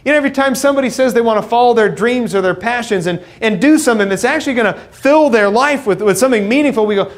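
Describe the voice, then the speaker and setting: A man's voice: extremely high pitch, fast, hardly any pauses. A young man preaching a sermon in a church, earnest and building to emphatic points, with self-deprecating asides.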